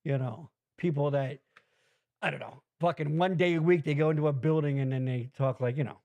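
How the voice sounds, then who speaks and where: A man hosting a podcast, rambling in casual profane chat with big swings in pitch. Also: fairly quick, highs cut off. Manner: rambling, swears constantly, animated swings in pitch. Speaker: podcast host.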